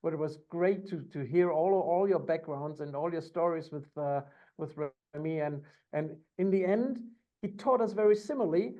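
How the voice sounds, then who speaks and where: A man hosting a round table over a video call, speaking haltingly with many fillers and restarts. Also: a little high, phone-quality sound. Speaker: host.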